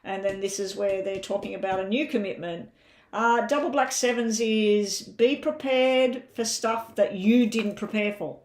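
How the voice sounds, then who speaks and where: Australian woman, mid-pitched, casual live tarot reader talking through her cards. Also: a little slow. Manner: chatty, thinks aloud over the cards. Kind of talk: live-stream tarot reading.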